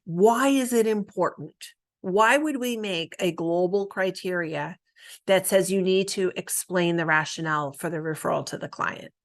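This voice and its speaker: A woman with a mid-range voice teaches a counselor training, recorded as a lecture, in a conversational manner. She keeps tagging her statements with "right?" and acts out what a counselor and a client might say.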